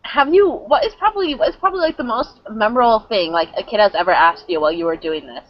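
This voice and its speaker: A woman's voice: a little high, animated, fast, no echo. A woman hosting an interview, gushing and rambling through her questions with lots of fillers. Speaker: host. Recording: dull lo-fi dry recording.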